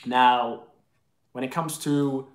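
A man's voice: mid-range voice, fairly even intonation, slow, reverberant. A man hosting a live video chat, answering viewer comments in an opinionated, argumentative way.

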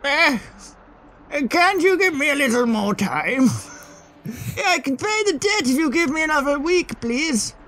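A frail, flustered old widow, put on by a man, high and thin with a quavering, overdone granny delivery. Her voice leaps up and down as she frets, bright and sharp at the edges. It is a tabletop-casual game playthrough voice rather than a studio performance. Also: big pitch swings, measured pace, heavily acted. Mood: pleading.

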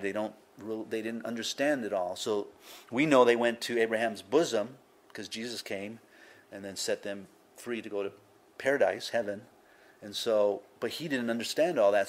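Older male pastor, easygoing sermon delivery with chuckles and asides, mid-range voice. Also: medium pitch. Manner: conversational teaching with frequent asides and chuckles.

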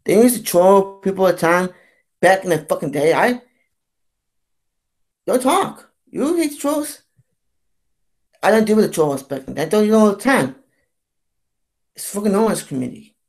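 A man's voice: high voice, expressive. Rambling, cursing man ranting on camera. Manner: profane, repetitive, keeps saying "you know what I'm saying"; halting, with restarts and stammers. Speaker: vlogger.

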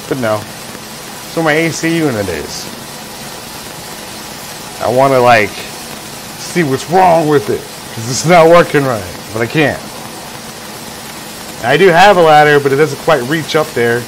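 Man on a workshop livestream, casual, rambling and jokey, a bit high-pitched, faint hum behind. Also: lively intonation, unhurried, pauses often, rough recording. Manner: rambling, jokey, acts out imagined scenes. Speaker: livestream host, engraver.

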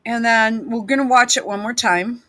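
A woman's voice: a little high, normal speed, bright, forceful tone, no room sound. A woman vlogger giving rambling, blunt commentary over video clips, with many restarts and frequent swearing. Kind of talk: casual commentary while playing clips.

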